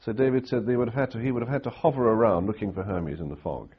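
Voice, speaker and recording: Older male interviewee, anecdotal storyteller; deep, husky voice on a slightly dull recording. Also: fast talker. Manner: anecdotal, rambling with restarts and fillers. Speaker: interviewee recalling war reporting.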